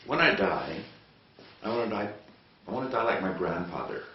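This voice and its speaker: Low-voiced man telling jokes from afar. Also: animated, normal speed. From Canada. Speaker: joke teller. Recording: distant, echoey, muffled with faint hiss.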